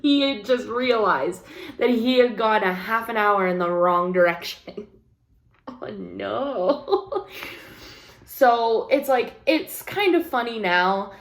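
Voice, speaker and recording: A woman's voice: mid-range voice, animated, slow pace. A young woman craft vlogger telling a story in casual chat, with frequent laughs and the odd swear word. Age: young adult.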